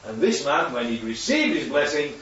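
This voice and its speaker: A man preaching an interactive sermon, animated and quizzing the congregation as he goes. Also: mid-range voice, moderate pace. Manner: animated, asks the congregation questions. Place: church hall. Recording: echoey hall from far off, dull.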